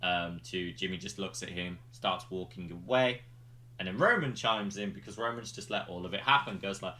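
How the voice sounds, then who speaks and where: A man with a fairly low voice and a bright, forceful edge talks through a recap in a casual podcast style. He rambles from one point to the next with ums and likes, like a friend retelling what happened. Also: normal speed. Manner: rambling play-by-play retelling with fillers. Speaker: podcast host reviewing wrestling.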